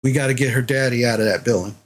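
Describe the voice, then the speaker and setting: A man doing a calm werewolf pack leader. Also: mid-range voice, fast talker, close to an everyday voice. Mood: calm, reassuring. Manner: calm, soothing, drawling.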